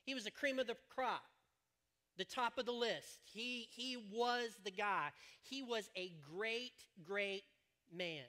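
A man's voice: very high-pitched, takes it slowly, bright, forceful tone. A man preaching a sermon from a church stage, telling stories in a joking, rambling way. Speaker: pastor.

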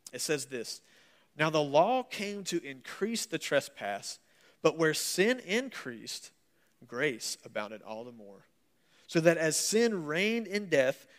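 Male pastor, sermon, folksy and animated, slightly higher voice. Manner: folksy, animated and joking, reading scripture aloud. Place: church service.

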